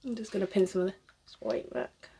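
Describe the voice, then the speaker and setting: Husky British woman chatting casually. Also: mid-range voice, steady tone, moderate pace, dark tone. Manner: rambling, laughs often, swears casually. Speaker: cosplayer. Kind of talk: casual chat while styling a wig.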